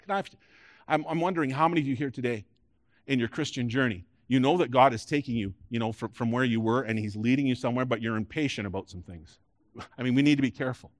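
A man preaching a sermon as pastor, rising loud and high on key points and dropping quiet for emphasis. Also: quick pace, dry recording, studio quality.

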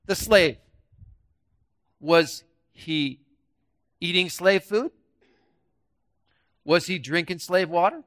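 High-voiced male preacher, animated sermon. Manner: interactive, quizzes the audience and jokes; swings from quiet asides to loud emphatic bursts. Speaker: guest preacher.

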